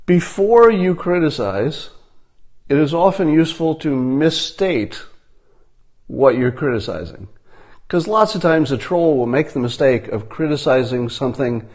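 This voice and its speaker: A man giving a deadpan satirical monologue, mock-instructional and ironic in tone. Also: a little high, unhurried. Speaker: commentator.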